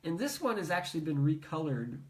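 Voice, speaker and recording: A man's voice: fairly high pitch, very animated, a little fast, far from the mic, rough recording. A man on a podcast earnestly summarizing a comic's plot in long run-on explanations. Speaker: podcast co-host. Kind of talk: casual chat about comics.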